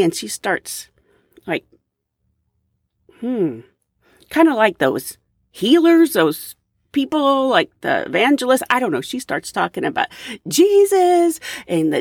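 A woman's voice: mid-range voice, wildly swooping pitch, moderate pace, gravelly, husky, no room sound, studio quality. A woman hosting a podcast, telling personal stories in a casual, chatty way and laughing now and then. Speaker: podcast host. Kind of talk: casual storytelling.

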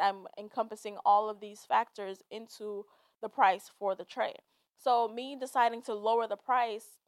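A woman's voice: fairly high pitch, clean tone, dry recording. A woman hosting a solo podcast, talking in a casual, chatty rant full of "like"s. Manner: chatty and animated, many "like"s and frequent laughs. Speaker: podcast host.

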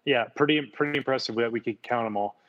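A man's voice: medium pitch, fast talker, a bit bright, muffled recording. A man, a former baseball player, chatting casually and telling enthusiastic stories about his playing days, often repeating words for emphasis. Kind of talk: casual chat, storytelling.

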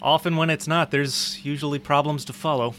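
A man's voice: a little high, steady tone, fairly quick, fairly bright tone, slight background noise. A man co-hosting a casual podcast, joking, laughing often and reading news articles aloud. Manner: joking, laughs often, stumbles over place names. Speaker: podcast co-host.

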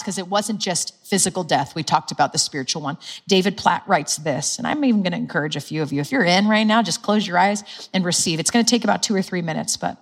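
A woman preaching a sermon in a church, earnest, asking the crowd questions and laughing at her own slips. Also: a little high.

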